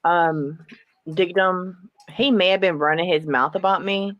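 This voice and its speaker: A woman's voice: lowish voice, steady tone, unhurried, dry recording, dull audio. A woman, speaking bluntly and defiantly as a guest on a casual live-stream panel.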